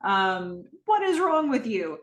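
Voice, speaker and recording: A woman's voice: medium pitch, big pitch swings, slow pace. A woman voicing a tense woman in an argument who keeps her words short and clipped, in an echoey room. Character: tense woman shutting down a quarrel. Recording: roomy echo.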